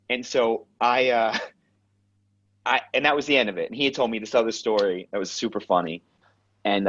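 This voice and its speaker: Animated New man telling stories. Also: on the low side, no room sound. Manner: animated storyteller, acts out quotes, swears freely. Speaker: actor and acting coach, guest. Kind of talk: casual storytelling interview. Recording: dull lo-fi sound.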